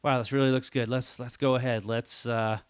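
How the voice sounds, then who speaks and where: A man hosting his own show, telling a story about a botched appliance installation in an animated, exasperated monologue and acting out the people he quotes. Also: medium pitch, moderate pace, clean tone, dry recording. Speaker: show host.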